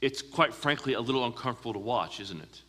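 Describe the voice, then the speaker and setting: A man preaching a sermon as a pastor, earnest, asking the listeners questions and slowing down for emphasis. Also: medium pitch, lively intonation, fairly bright tone, big-room sound.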